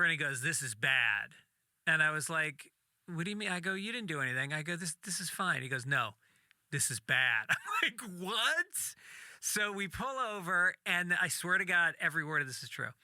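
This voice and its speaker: A man, a comedian, telling a story in casual talk, animated and acting out the voices of the people in it, with some swearing. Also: fairly high pitch, a little fast, dry recording, studio quality. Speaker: podcast guest, comedian.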